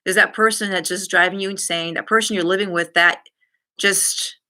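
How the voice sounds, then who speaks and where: A middle-aged woman hosting a live stream, talking frankly to her viewers and telling a personal story with lively asides. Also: mid-range voice, moderate pace. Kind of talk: candid live-stream talk.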